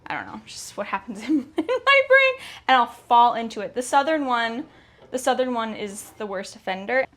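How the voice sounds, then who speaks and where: A young Canadian woman chatting casually to her viewers while she sews at home, talking herself through each step. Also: on the high side. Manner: chatty, self-talking while working, quick exclamations. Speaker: sewing vlogger. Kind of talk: casual sew-along chat.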